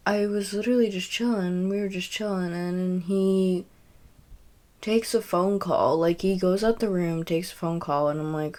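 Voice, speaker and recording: A woman's voice: on the low side, steady tone, normal speed, a little mellow. A young woman telling a personal story in a casual, rambling way, full of fillers and self-corrections. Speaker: podcast host.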